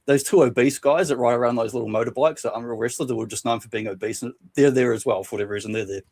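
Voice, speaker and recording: A man co-hosting a casual podcast, reading and retelling funny anecdotes from a book, laughing often and doing quick voices for quotes. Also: mid-range voice. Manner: laughs often while telling stories, animated voices for quotes. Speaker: podcast co-host.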